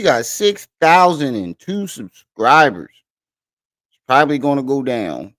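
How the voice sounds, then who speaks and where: A man's voice: mid-range voice, very animated, measured pace, a bit bright, no room sound. A man hosting a casual livestream from his living room, chatting with viewers, cursing freely and laughing at himself. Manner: profane, laid-back, laughs at himself while reading comments. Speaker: livestream host.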